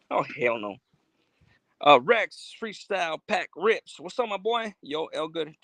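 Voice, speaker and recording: A man's voice: on the high side, expressive, takes it slowly, vocal fry, pauses often, no room sound, poor audio. A man, chatting casually on a livestream as he reads and answers viewer comments, laid-back and full of slang and fillers. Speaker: YouTuber reading live chat.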